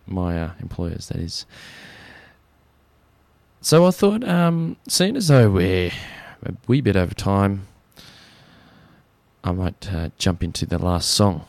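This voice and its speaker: A man's voice: deep voice, expressive, slow pace, creaky, long pauses, darkish tone, no echo. A young Australian man hosting a community radio show, chatting casually and jokily with plenty of fillers. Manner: chatty, jokey, rambling with fillers.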